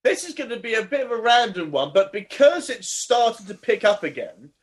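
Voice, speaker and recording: Jokey, high-voiced man. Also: big pitch swings, normal speed. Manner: jokey, punning, stumbles over words. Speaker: podcast co-host. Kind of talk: casual chat.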